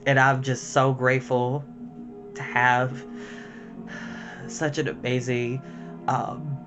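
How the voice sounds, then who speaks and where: A young man speaks straight to the camera, heartfelt and a little emotional, with a chatty flow full of "like" and "um". His voice sits at an ordinary middle pitch, and faint music plays underneath. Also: level tone, takes it slowly. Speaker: storytime host. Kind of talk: personal talk to camera.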